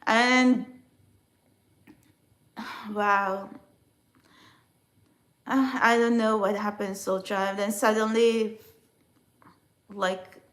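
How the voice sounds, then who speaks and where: A woman's voice: medium pitch, fairly bright tone. A woman whose first language is a Filipino dialect, vlogging about her past in a rambling, emotional way with many restarts. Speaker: spiritual vlogger. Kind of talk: emotional personal vlog.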